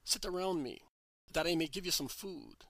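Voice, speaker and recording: A man reading the part of a gentle, kindly male religious teacher, calm and reassuring. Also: sits high, moderate pace, dry recording.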